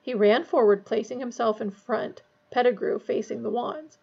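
Woman reader, novel aloud, high and gravelly, dull lo-fi sound. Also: normal speed. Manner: casual recap before reading.

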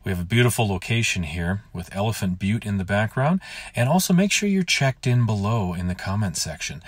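A man leading a gentle morning yoga class outdoors, giving calm, soothing instructions. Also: on the low side, brisk, breathy edge, dry recording.

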